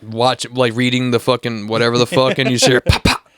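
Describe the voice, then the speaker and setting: A man at ordinary pitch with a smooth, clear voice, recorded dry and close. He tells crude anecdotes in a relaxed, casual podcast chat. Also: fairly quick, dry recording. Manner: profane storyteller, laid-back.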